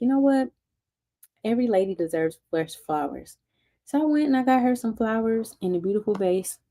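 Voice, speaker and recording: A woman's voice: mid-range voice, warm tone. A woman hosting a live-stream book discussion, reading passages aloud and chatting upbeat with commenters. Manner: chatty, reads aloud and answers chat comments; upbeat and gushing. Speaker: book club host.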